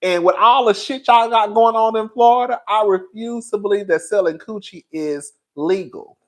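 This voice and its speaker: A man's voice: high-pitched, normal speed, low-quality recording. A man hosting a gossip livestream, who laughs often and stretches out his words. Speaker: livestream host. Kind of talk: gossip commentary.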